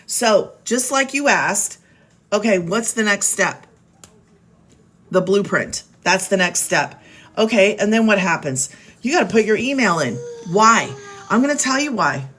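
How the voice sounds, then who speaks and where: A middle-aged woman talks to her viewers from home in a casual live stream, chatty and upbeat. Her voice sits at a medium pitch, and she speaks straight to viewers through a phone mic. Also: lively intonation, unhurried, fairly bright tone. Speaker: live stream host selling online business programs.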